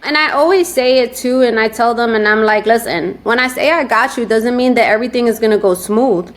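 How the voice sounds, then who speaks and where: A woman from New York with a New York accent, a guest telling stories in a casual, animated interview chat. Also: a little high, brisk. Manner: animated, lively storytelling with playful quoted voices. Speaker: guest, real estate agent.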